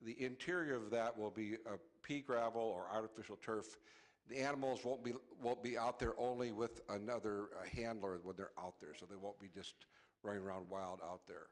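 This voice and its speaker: A man's voice: fairly low pitch, fairly even intonation, a little fast. A man on city staff presenting a zoning item at a council meeting, matter-of-fact and full of "uh" fillers. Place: council chamber.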